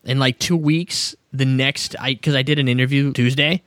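A man's voice: mid-range voice, steady tone, moderate pace, fairly bright tone, dry recording. Man, podcast host, joking, laughs easily, dry close sound. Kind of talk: casual chat.

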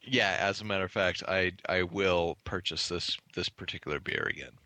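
A man co-hosting a podcast, chatting casually about beers he is tasting, with a relaxed, swearing manner full of restarts. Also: sits low, normal speed. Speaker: podcast co-host. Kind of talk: casual beer-tasting chat.

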